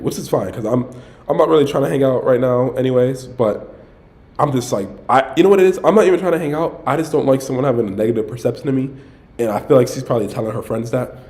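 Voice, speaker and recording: A young man with a mellow, mid-range voice is on a casual livestream, rambling through a dating story. He keeps interrupting himself and says "bro" constantly.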